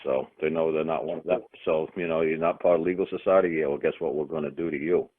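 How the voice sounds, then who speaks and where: A man's voice: very deep voice, fairly even intonation, fast talker, breathy edge, dry recording. A man telling stories in casual talk, blunt and emphatic, often cursing. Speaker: teacher of a study group. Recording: tinny phone-line sound.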